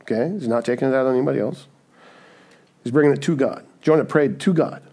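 A man's voice: medium pitch, fast, dark tone. A man preaching a sermon in a conversational way, often asking "right?" and acting out the voices he quotes. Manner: acts out quoted voices in asides. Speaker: pastor.

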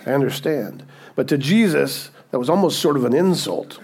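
A man preaching a sermon, dynamic and conversational, rising to emphatic peaks and dropping to hushed moments, often checking in with his listeners. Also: mid-range voice, expressive, normal speed, slightly rough. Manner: conversational, checks in with "okay?" and "right?". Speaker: pastor.

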